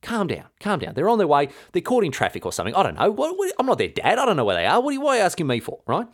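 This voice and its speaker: A man's voice: lowish voice, animated, fast talker, close to an everyday voice. A man voicing a ruthless medieval queen who talks in casual, dismissive, matey slang.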